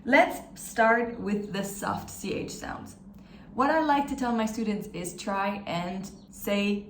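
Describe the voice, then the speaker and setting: In this step-by-step pronunciation lesson, a woman with a medium-pitched voice stays upbeat and encouraging while sounding things out slowly. The slightly distant mic captures an echoey room, faint ambience and slight background noise.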